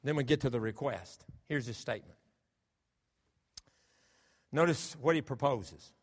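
A man's voice: medium pitch, fairly bright tone. A man preaching a sermon, emphatic and full of rhetorical questions to his congregation. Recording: long hall reverb.

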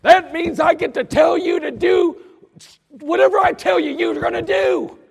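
A preacher acting out a furious yelling sergeant. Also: male voice, extremely high pitch, measured pace, gravelly, long reverb tail, a faint crowd, pitched above the performer's own voice, exaggerated voice. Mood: yelling, enraged. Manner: barking orders, yelling. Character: furious shouting male army sergeant.

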